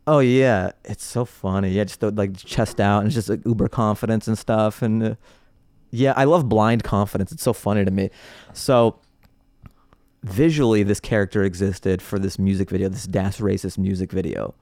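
A man with a fairly low voice tells stories on a podcast, loose and animated, breaking into laughter between phrases. The recording is dry and close, with no room sound. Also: normal speed, no room sound. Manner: animated, laughs often mid-sentence. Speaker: comedian guest. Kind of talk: casual podcast storytelling.

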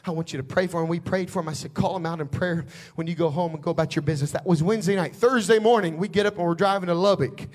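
A male pastor, telling a folksy story in a sermon and building to loud, shouted preaching. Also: a little high, quick pace, few pauses.

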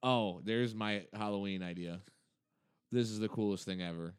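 Guy cohosting a podcast, lowish voice, teasing and laughing a lot. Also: moderate pace, smooth. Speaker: podcast co-host. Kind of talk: casual chat.

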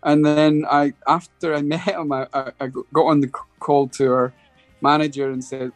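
A man's voice: a little high, little pitch movement, moderate pace, no echo, faint music behind. A middle-aged Scottish man telling a rambling story as a guest in a casual interview, often restarting his sentences. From Scotland. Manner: rambling, full of restarts and acted quotes. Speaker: guest musician.

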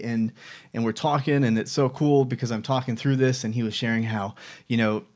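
Guy in his 30s vlogging, chatty and reflective, lots of uhs and restarts, ordinary pitch. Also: lively intonation, a little fast, a little mellow. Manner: rambling, reflective, many fillers and restarts. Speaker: vlog host. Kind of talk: casual personal vlog monologue.

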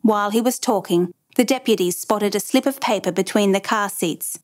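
A woman giving measured, dramatic scripted narration of a true crime story. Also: mid-range voice, a little mellow.

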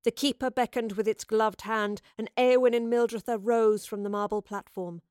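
Woman reading a fantasy audiobook, dramatic and expressive, dead dry close sound. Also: a little high, normal speed, clean tone, no room sound. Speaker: narrator. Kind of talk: audiobook narration.

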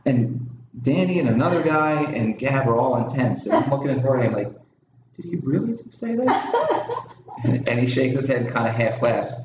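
A man co-hosting a podcast, telling a story in a casual, animated way. The sound is roomy and a little dull, with faint noise behind him. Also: mid-range voice, fairly quick. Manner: animated, mimics others in raised voices while telling stories. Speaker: podcast co-host. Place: small warm room.

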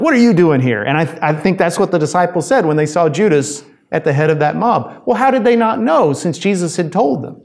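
A man preaching in a relaxed, conversational way. His voice sits a little high, and he often restarts phrases and wanders off on side tangents. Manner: conversational, digressive, frequent restarts. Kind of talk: sermon.

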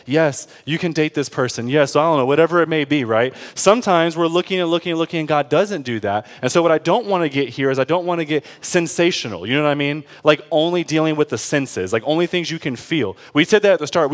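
A young man preaching a sermon as a pastor, casual and conversational, often checking in with his listeners. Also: on the high side. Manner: conversational, checks in with "okay?" and "all right?". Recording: long hall reverb.

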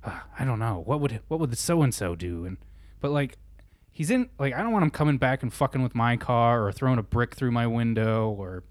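A man's voice: mid-range voice, fairly quick, dry recording. A young adult man telling a rambling, profane story in casual chat. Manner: rambling, profane, animated retelling.

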